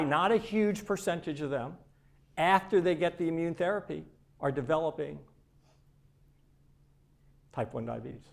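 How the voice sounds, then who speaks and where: A man giving a live keynote speech from a conference stage, speaking emphatically and conversationally, often repeating words. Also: a little high. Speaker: keynote speaker for a research charity. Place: conference stage before an audience.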